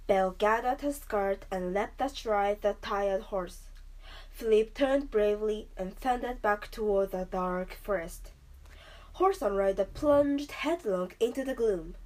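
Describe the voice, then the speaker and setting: A woman reading a storybook aloud as narrator, measured and expressive. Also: mid-range voice.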